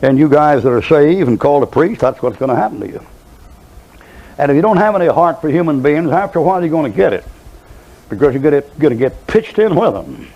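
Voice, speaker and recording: A man's voice: a little high, sing-song, quick pace, lo-fi sound. An older man preaching a sermon, telling folksy, rambling stories with many asides.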